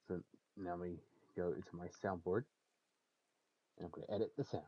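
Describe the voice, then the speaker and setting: A man's voice: low-pitched, breathy edge, lo-fi sound. A man streaming in casual chat, narrating what he is doing and laughing often between remarks.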